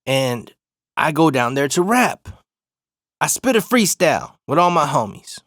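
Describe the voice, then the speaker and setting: Brief: man from Arizona, slangy, cussing storyteller, slightly high voice, dry close sound. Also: unhurried, no echo. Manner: profane, slangy, animated retelling. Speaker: storyteller host. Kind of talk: casual storytelling.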